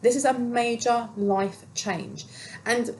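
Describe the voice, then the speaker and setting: Speaking slowly in a slightly high voice, a woman talks her way through an informal group tarot reading. She wanders off with lots of fillers and chats to herself while shuffling and laying out cards. There's a little hiss or hum on this low-quality recording.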